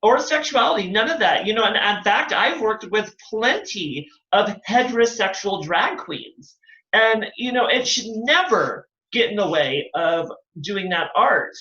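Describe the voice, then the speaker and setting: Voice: mid-range voice, expressive, a little slow, pushed and bright. A drag queen hosting a casual interview, enthusiastic and full of compliments. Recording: echoey, muffled lo-fi audio.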